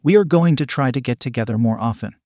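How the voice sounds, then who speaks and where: A man voicing a sweet middle-aged mother who talks softly and teases gently. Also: medium pitch, quick pace, dry recording, studio quality, close to an everyday voice. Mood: gentle.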